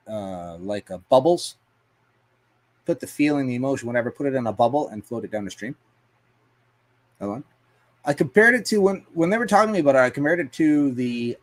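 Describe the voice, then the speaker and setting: A man hosting a casual livestream, telling rambling stories full of swearing and fillers and answering viewer comments. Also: mid-range voice. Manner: profane, rambling storytelling with frequent fillers and laughs. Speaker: livestream host.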